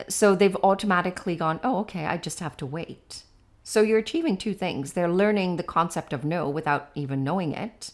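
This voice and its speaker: A woman educator in a casual podcast discussion, explaining her methods step by step, often checking in with "right?" and turning playful and animated as she acts out examples. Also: on the low side.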